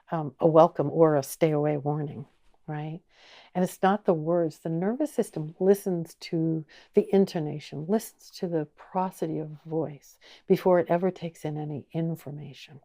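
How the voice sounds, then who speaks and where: A woman teaching an online course, speaking slowly and gently and asking the listener many inviting questions. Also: low-pitched, vocal fry. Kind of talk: guided teaching talk.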